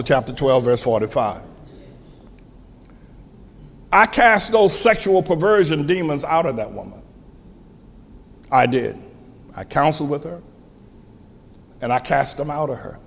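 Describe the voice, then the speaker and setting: A man preaching a sermon as pastor, shifting from quiet storytelling to sudden shouts. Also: a little high, gravelly, big-room sound.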